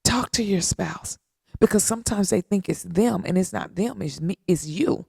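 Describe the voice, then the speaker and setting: A woman hosting a podcast, giving a heartfelt, faith-based talk, speaking earnestly with repetition and long pauses. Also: medium pitch, vocal fry, darkish tone, husky, no room sound, clean studio sound. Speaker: podcast host.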